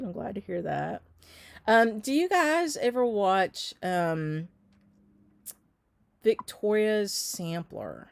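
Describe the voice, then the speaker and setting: Recorded dry, a Southern shop owner with a medium-pitched voice chats her way through a casual live stitch. She answers comments from viewers, often saying um.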